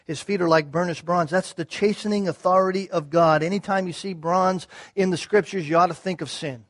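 A man preaching a sermon, moving from quiet, measured teaching to loud, rising passages, with repeated phrases and rhetorical questions. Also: sits high, steady tone, no echo. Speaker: pastor.

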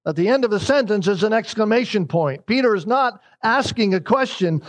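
A man preaching a sermon in a high voice. He is emphatic and repeats his key lines. His pitch climbs even higher when he stresses a point. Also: fairly quick. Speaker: pastor.

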